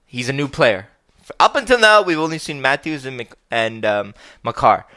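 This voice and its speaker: A young man tells a story casually with a lot of jokes, his pitch bouncing around constantly. His voice is bright and close, recorded dry with no room sound. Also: moderate pace, dry recording. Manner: animated, joking, swears casually. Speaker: podcast host.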